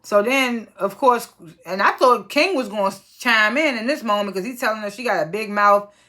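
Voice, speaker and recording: A woman's voice: medium pitch, normal speed, sharp tone. A woman casually recapping a reality TV episode, chatty and slangy, with lots of fillers and exasperated asides.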